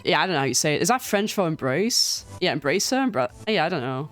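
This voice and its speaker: A woman's voice: low-pitched, sing-song, fast talker, hardly any pauses, soft background music. A woman streamer making casual, chatty asides while playing through a game. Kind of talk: casual let's-play commentary.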